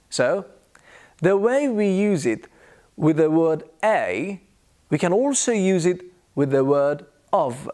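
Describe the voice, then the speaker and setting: A man with a British accent leads an English pronunciation lesson, modelling each sound slowly and repeating every example word. His pitch sits a little high and swings widely as he speaks. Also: expressive, a little mellow. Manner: slow, exaggerated demonstration of sounds with repeated examples. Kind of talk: scripted lesson.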